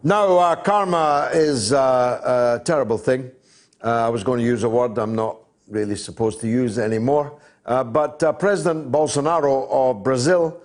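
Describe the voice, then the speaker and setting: Scottish guy in his 60s, radio talk host, mid voice, dry measured delivery. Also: medium pitch, darkish tone. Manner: dry, measured, with frequent uh fillers. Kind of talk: reading listener messages on a call-in show.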